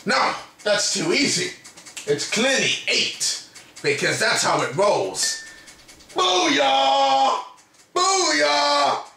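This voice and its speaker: An eighteen-year-old man doing excitable, frustrated let's play commentary, often shouting. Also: high-pitched, slow pace, reverberant, distant mic, a little hiss or hum. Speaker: gaming YouTuber.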